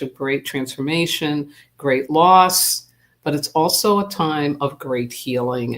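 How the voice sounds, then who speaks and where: A spiritual teacher hosting a live stream, talking casually and unhurriedly, with many pauses and fillers, and greeting viewers by name. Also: medium pitch.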